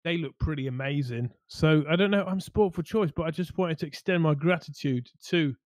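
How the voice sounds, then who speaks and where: A man's voice: on the high side, fairly quick, dry recording. Hesitant, rambling male co-host. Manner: rambling, hesitant, many restarts. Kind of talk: casual chat.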